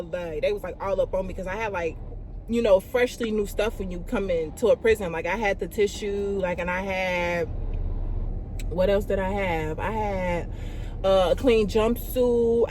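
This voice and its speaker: Animated young woman telling a storytime vlog. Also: mid-range voice, a little slow, slight background noise. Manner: animated, profane, fillers of "like" and "y'all". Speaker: vlogger.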